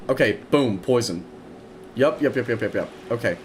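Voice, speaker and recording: Young man, gaming commentary, lively swooping voice, repeats words in bursts, faint game noise behind. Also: medium pitch, normal speed. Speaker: gaming streamer. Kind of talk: let's play commentary.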